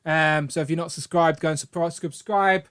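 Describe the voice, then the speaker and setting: Chatty male live-stream host, slightly higher voice, jokey, reads chat aloud. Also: fairly even intonation, moderate pace, a bit bright, clear, resonant tone.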